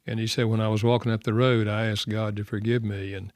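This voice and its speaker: A man's voice: fairly low pitch, flat delivery, quick pace, dry recording. An older man with a Southern American accent, hosting a radio talk show, telling a personal story in an earnest, reflective way. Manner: earnest, reflective, softening to quiet. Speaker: radio show host and author.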